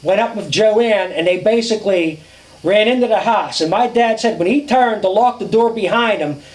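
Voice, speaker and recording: A man casually telling a ghost story outdoors at a campfire, dramatic and drawn-out, with swearing. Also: high-pitched, roomy sound, low-quality recording.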